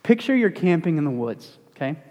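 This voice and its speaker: In a church sanctuary, a young student pastor gives a relaxed, talky sermon full of stories, speaking a little fast in a voice somewhat high for a man. He's animated and self-deprecating, and the hall adds a long, ringing tail.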